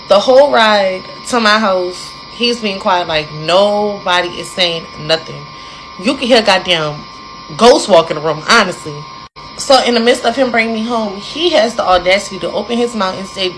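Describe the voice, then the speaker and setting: A young adult woman telling a personal story in a casual, animated way, speaking straight to her listeners. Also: medium pitch, a little hiss or hum, low-quality recording. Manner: animated, addresses listeners directly, dramatic pauses.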